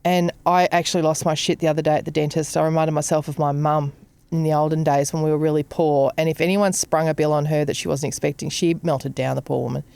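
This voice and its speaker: A middle-aged woman, a podcast co-host telling an animated story, swearing and acting out the voices of others. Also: sits low, fast talker, vocal fry, clear, resonant tone, dry recording. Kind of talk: casual chat.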